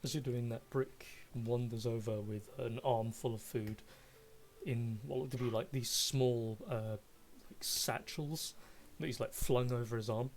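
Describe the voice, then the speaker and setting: A man in the game master's seat, his voice in a middle pitch, building scenes slowly with pauses and fillers. A faint hiss sits under the recording. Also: fairly even intonation, darkish tone. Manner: halting descriptions full of fillers. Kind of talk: narrating a tabletop game.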